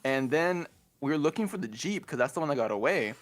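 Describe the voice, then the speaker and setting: Chatty storyteller, lots of laughing, really lively voice acting out lines. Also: medium pitch, fairly quick. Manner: storytelling, acts out quoted lines, laughs often. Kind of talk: casual chat recapping a role-play game.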